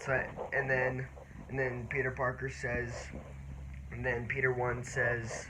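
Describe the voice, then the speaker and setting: A man giving a casual spoiler movie review, rambling and halting with many restarts. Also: mid-range voice, monotone. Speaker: vlogger. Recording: noisy background.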